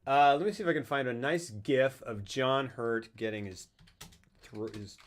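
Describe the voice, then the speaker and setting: A man's voice: medium pitch, moderate pace. A man hosting a live game stream, chatting casually in a rambling, jokey way. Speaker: streamer host. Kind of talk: casual chat over gameplay.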